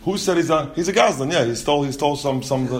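A man's voice: on the high side, fast talker. A man teaching a Talmud class. He reads the Aramaic text aloud and explains it in English, often restarting his sentences.

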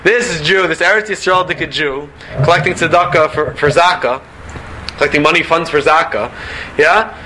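A man giving an animated Torah lecture, full of rhetorical questions and Hebrew and Yiddish terms. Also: fairly high pitch, moderate pace, crowd noise. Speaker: rabbi giving a Torah talk.

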